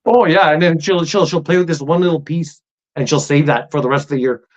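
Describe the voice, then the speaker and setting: A man co-hosting a casual podcast, laughing easily and tossing in quick reactions. His voice sits a little higher than the host's. The sound is slightly dull and muffled. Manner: laughs along, reacts with short exclamations. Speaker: podcast co-host. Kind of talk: casual chat.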